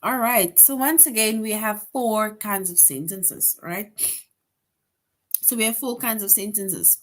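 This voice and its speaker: A woman teaching a grade-school grammar lesson online. She explains patiently, keeps checking in with "right?", and slows down to stress example sentences. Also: medium pitch. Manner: explains patiently, tag question "right?" after most points; reads example sentences slowly with emphasis.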